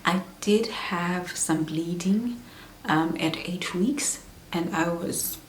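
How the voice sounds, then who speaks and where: A woman's voice: fairly low pitch, slow. Candid woman vlogging in an echoey room. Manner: candid, chatty, drops into soft whispery asides. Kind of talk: personal pregnancy vlog. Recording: echoey room with faint hum.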